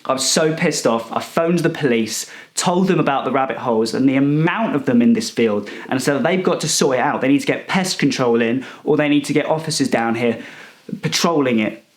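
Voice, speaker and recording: A young man telling a rambling, self-righteous comic story in a deadpan, indignant manner. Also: medium pitch, brisk. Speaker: comedic character monologue performer.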